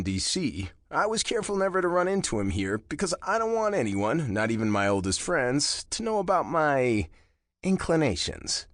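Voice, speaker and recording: A man narrating a romance audiobook in the first person, with a slow, low and intimate delivery. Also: a bit bright, no echo, clean studio sound.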